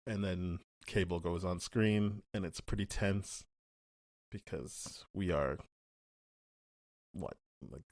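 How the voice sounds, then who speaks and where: A man's voice: low-pitched, slow pace, long pauses, no room sound, studio quality. A man co-hosting a podcast, chatting casually through a spoiler review and acting out characters' lines. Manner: rambling, acts out quotes in animated voices. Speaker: podcast co-host.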